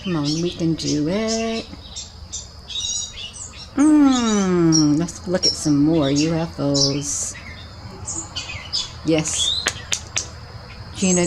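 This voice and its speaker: Chatty low-voiced woman filming outdoors. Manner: chatty, coaxing, calls everyone honey. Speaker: vlogger filming the sky. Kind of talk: casual running commentary while filming. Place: outdoors by her house with birds around. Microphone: camera mic. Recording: loud outdoor noise with birdsong.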